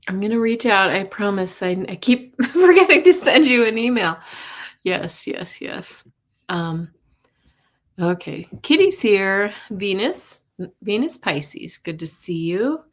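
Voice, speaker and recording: A woman hosting a casual live stream as a psychic reader, greeting viewers by name in a chatty way. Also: medium pitch.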